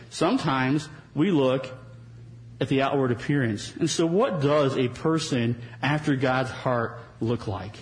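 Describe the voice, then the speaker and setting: Pastor, male, higher than average voice; earnest conversational sermon with wry asides. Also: low-quality recording. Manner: earnest, with wry sarcasm and small repeats.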